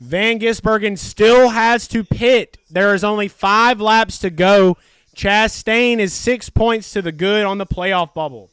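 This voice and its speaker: A man hosting a live stream, commenting on a car race and thinking aloud with excitement. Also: high-pitched, a little slow, clear, resonant tone, no echo.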